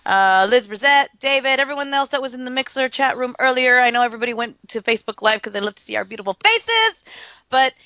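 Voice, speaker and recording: A woman's voice: high voice, animated, fast talker, pushed and bright, no echo, lo-fi sound. Giggly woman chatting on a podcast. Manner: giggly, chatty, reads out listener names. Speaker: podcast co-host. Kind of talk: casual live podcast chat.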